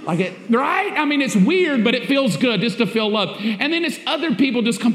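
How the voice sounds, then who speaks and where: A man's voice: very high voice, very animated, moderate pace, hardly any pauses. A man preaching a sermon as pastor, emphatic and repetitive, with rhetorical questions to the congregation. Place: church sanctuary. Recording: echoey church hall.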